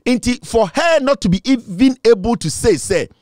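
A man's voice: very high-pitched, expressive, normal speed, darkish tone, no echo, clean studio sound. A man with a Ghanaian accent delivering insistent political commentary, repeating his points and switching between English and Twi.

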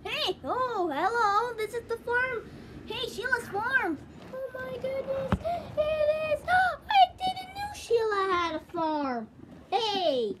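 Very high-pitched excitable woman at play. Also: takes it slowly. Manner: excitable, playful. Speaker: playing with plush toys. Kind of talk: toy play chat. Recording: background noise.

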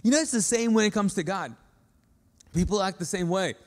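A male pastor preaches in a sanctuary, his slightly high voice trailing off in a long hall echo. He talks to the congregation in a loose, joking way and acts out little quotes as he goes. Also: brisk. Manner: conversational and joking, with acted-out quotes. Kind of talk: sermon. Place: church sanctuary. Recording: long reverb of a large hall.

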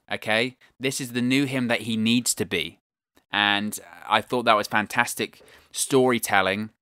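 A British man hosts a wrestling news show, offering casual, enthusiastic commentary and repeating phrases for emphasis. His lowish voice is bright, forceful and smooth, recorded at studio quality with no echo.

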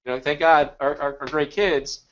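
A middle-aged man with a slightly high voice tells a story about his photography work. He talks haltingly and earnestly, often restarting his words. The sound is muffled and lo-fi. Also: steady tone, a bit bright. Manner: halting, repeats words, heartfelt. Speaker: photographer, guest co-presenter. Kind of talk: conversational storytelling. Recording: dull lo-fi recording.

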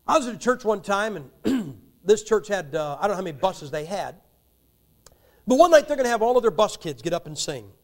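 An older American man preaching a sermon with a noticeably high-pitched voice. His delivery is folksy and joking, full of emphatic rises as he drives his points home. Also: big pitch swings, brisk, darkish tone. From United States.

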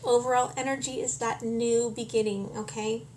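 A woman giving a tarot reading, speaking calmly and often checking in with "okay?". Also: on the high side, normal speed, a little hiss or hum. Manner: calm, frequent "okay?" check-ins. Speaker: tarot reader.

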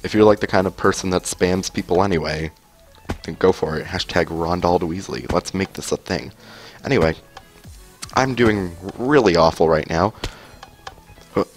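A man's voice: low-pitched, moderate pace, pauses often, faint music behind. A man rambling through a story as he comments on gameplay, with lots of fillers, restarts and laughter. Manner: laughs often. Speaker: gaming video host.

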